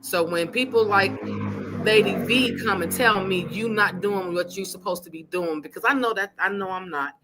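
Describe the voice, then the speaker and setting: A woman's voice: medium pitch, moderate pace, background noise. A woman hosting an interview with casual, heartfelt, emotional talk. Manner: effusive, emotional, animated storytelling. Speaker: podcast host.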